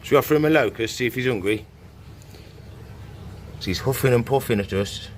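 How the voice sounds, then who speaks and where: A man, a reptile keeper chatting casually through animal checks and coaxing the animals in a soft voice. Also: mid-range voice, a little fast, slight background noise. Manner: chatty, talks softly to the animals. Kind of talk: casual animal care vlog.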